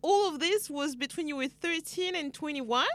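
A woman with a high, lively voice leads a relaxed interview. She asks short questions and keeps the conversation moving with encouraging prompts. The recording is dry and close to the mic. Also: moderate pace, no echo. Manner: brief prompts and encouraging backchannels. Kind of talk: casual interview.

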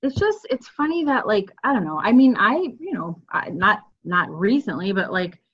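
A woman's voice: mid-range voice, sing-song, normal speed, a bit bright, slightly rough, lo-fi sound. A woman EMT telling a work story in casual chat, full of filler words. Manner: chatty storyteller, many filler likes.

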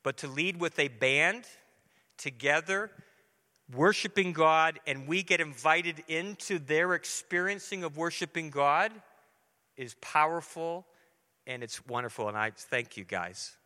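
A middle-aged male preacher with a somewhat high, bright, forceful voice, speaking earnestly and conversationally from the pulpit. His sermon rings through a church sanctuary with a long, lingering echo. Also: a little slow. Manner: earnest, conversational, acts out dialogue. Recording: long reverberant hall.

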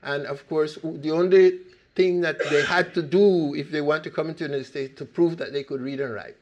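An older man from Costa Rica telling his life story in an animated, emphatic way with frequent restarts. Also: a little high, a little fast, highs cut off. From Limón province, Costa Rica. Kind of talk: personal storytelling talk.

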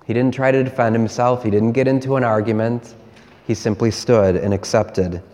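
A male priest delivers a sermon at a slow, measured pace, coming back again and again to short refrains. His voice sits at an ordinary middle pitch. It carries a long reverb, like a church hall. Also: steady tone, darkish tone.

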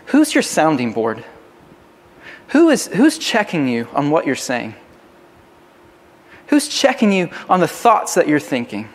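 Guy preaching, earnest, kinda high voice, restarts words a lot, long hall echo. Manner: earnest, repeats words when starting phrases. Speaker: pastor. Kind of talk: sermon.

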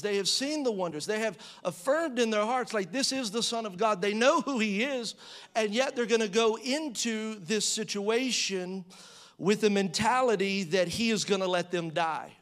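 A man preaching a sermon in a conversational style, asking the audience rhetorical questions and acting out quotes with rising pitch and volume. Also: fairly bright tone. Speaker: pastor.

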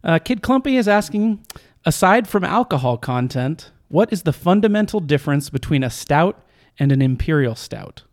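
Chatty podcast host, slightly high voice. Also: male voice, very animated, normal speed, a little mellow. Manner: chatty, upbeat, reads listener questions. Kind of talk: casual podcast chat.

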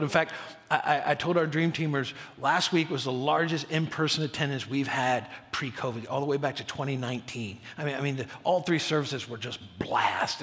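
A middle-aged male pastor preaching a sermon, telling a story, dropping to a hushed near-whisper for prayers and rising to loud emphasis on key points. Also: on the high side. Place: church auditorium. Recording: long church-hall reverb.

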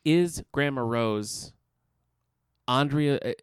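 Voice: medium pitch, slow, smooth, dry recording, clean studio sound. A podcast co-host chatting casually about a TV episode, tossing in wry, jokey asides. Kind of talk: casual recap chat.

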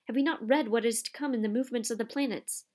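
A woman's voice: a little high, fast talker, a little mellow, natural voice. Woman voicing a thundering, scornful centaur, raised and harsh. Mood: furious scorn. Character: angry proud male centaur.

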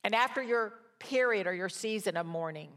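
An older woman teaching a Bible study in a sermon style, telling stories that move from hushed to rousing. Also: mid-range voice, a little fast. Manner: storytelling, swings from hushed to rousing.

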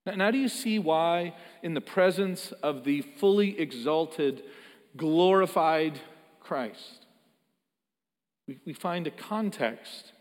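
A man's voice: on the high side, takes it slowly. A man preaching a sermon, earnest and emphatic, often repeating words as he builds a point. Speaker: pastor. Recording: long hall reverb.

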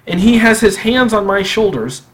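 A man telling a personal story on a podcast in a casual, animated way, acting out the dialogue. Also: high-pitched, moderate pace. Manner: animated, acts out quoted dialogue.

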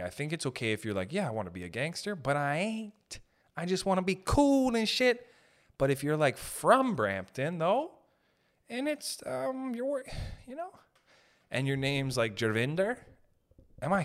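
Profane rambling young man, lively pitch. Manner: profane, rambling, acts out quick voices. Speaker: podcast host. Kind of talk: solo comedic rant.

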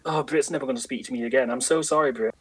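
A man co-hosting a casual podcast chat, joking and animated. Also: medium pitch, racing, slight background noise. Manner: jokey, animated, playful voices. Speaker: podcast co-host.

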